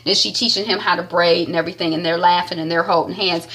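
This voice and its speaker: A woman's voice: on the low side, steady tone, fast talker, sharp tone. A woman giving a casual, chatty recap of a TV episode, often repeating herself for emphasis.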